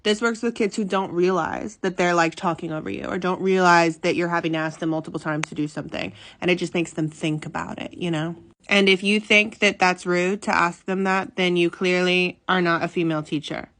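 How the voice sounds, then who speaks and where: A woman who teaches high school, giving casual advice in a chatty, sassy way with mock-sincere apologetic asides. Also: steady tone, a little fast, fairly bright tone.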